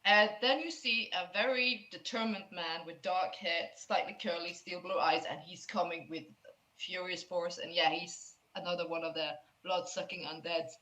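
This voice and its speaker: A woman narrating as game master of a tabletop role-playing game, animated and quick, with laughter. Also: on the low side, roomy sound, rough recording.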